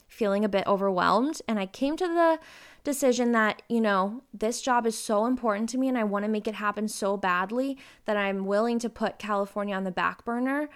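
A woman in her twenties talks openly to her listeners in a casual, confessional way. Her voice sits in the middle range and sounds smooth and clear. Now and then she breaks into lively bursts of emphasis. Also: medium pitch, fairly quick. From Ohio. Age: 20s. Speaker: podcast host. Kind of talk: casual personal chat.

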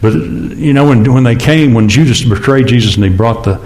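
A man's voice: normal speed, a little mellow. A man preaching a sermon in church, talking casually and asking the congregation rhetorical questions. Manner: conversational, with rhetorical questions and sudden rises in pitch. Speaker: pastor.

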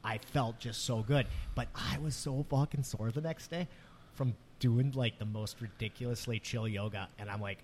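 A man's voice: mid-range voice, fairly even intonation, normal speed, a little mellow, slight background noise. A middle-aged man co-hosting a casual podcast chat, rambling and swearing freely, with many restarts. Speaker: podcast co-host.

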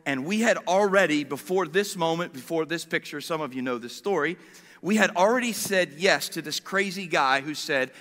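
A pastor preaching a sermon in an animated way, swinging from loud declarations to hushed, quiet lines. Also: male voice, fairly high pitch, a little fast, in a large hall.

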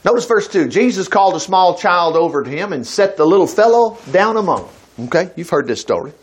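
A man's voice: high voice, animated, a little fast, husky. An older man teaching from the Bible in a conversational way, reading verses aloud and breaking into emphatic bursts. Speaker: preacher.

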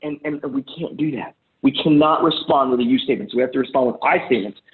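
Over phone-like lo-fi audio, a man with a medium-pitched voice speaks at a quick pace, offering other men blunt, foul-mouthed relationship advice in a casual way and playing out heated arguments through quoted lines.

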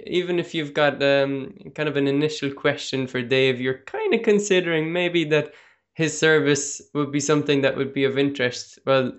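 A man's voice: a little high, normal speed. A man hosting an interview show, wrapping up with encouraging remarks to his guest. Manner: encouraging, brief affirmations. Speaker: podcast host. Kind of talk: casual interview chat.

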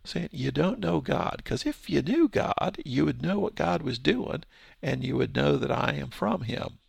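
A man's voice: a little high, very animated, measured pace, gravelly, darkish tone, breathy edge, dry recording. A man giving a casual verse-by-verse Bible teaching, explaining with rhetorical questions and his own paraphrases.

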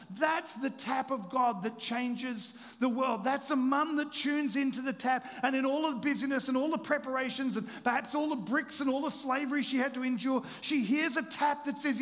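High-voiced preacher in an echoing hall. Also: male voice, normal speed, hardly any pauses. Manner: impassioned, repetitive, rising to loud emphatic peaks. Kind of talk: sermon. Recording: long hall reverb.

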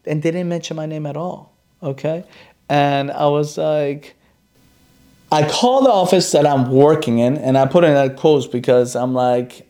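Gravelly-voiced man telling a story animatedly. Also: a little slow. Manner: animated retelling, acting out quoted lines with big pitch jumps. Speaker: chiropractor. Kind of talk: personal storytelling to camera.

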